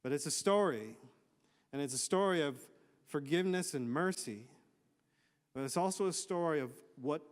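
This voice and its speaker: A male pastor preaching a conversational sermon in a church, reading scripture with casual, joking asides. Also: medium pitch. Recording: long hall reverb.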